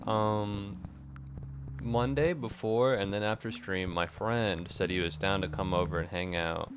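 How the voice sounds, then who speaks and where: A man's voice: lowish voice, steady tone, unhurried, background noise. A tired young man streaming while he plays a game, chatting casually in a rambling, self-mocking way and swearing freely. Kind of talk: casual chat while gaming.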